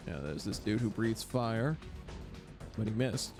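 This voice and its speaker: A man commentating his own gameplay as a streamer, chatty and quick to launch into exaggerated, exasperated rants. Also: medium pitch, huge pitch swings, soft background music. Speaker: gaming streamer. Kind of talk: let's play commentary.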